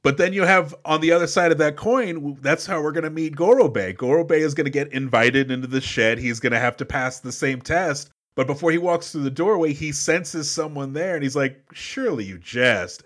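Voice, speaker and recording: A man's voice: on the high side, fairly bright tone. A man co-hosting a podcast in casual chat, enthusiastically recapping film scenes. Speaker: podcast co-host.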